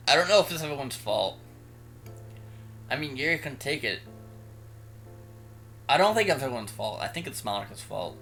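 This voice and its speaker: Casual male let's-player, mid-pitched, rambling, soft guitar music under him. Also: big pitch swings, moderate pace, long pauses. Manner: rambling, hesitant, trailing off. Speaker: gameplay commentator. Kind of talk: casual let's-play commentary.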